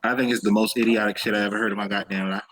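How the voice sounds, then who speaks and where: A man on a video chat, telling stories in a lively way and swearing freely. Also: on the low side, rapid-fire. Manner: animated storyteller, swears freely. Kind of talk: casual chat.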